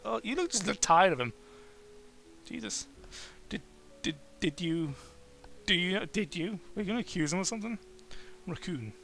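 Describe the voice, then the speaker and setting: A man's voice: high-pitched, animated, moderate pace, creaky, pauses often, fairly bright tone, a little hiss or hum. A man hosting a let's play, making joking, sarcastic asides about the game.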